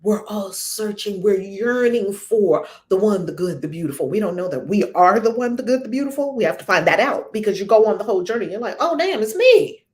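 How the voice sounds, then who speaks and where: A woman's voice: medium pitch, lively intonation, brisk, hardly any pauses. A woman spiritual teacher speaking emphatically and preaching, full of rhetorical questions.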